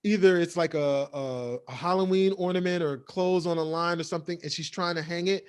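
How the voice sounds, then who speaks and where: High-pitched guy rambling thru an episode recap on a podcast, lots of likes and ums. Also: steady tone, a little fast, smooth. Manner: rambling, filler-heavy recap. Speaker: podcast co-host. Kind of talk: casual TV episode review.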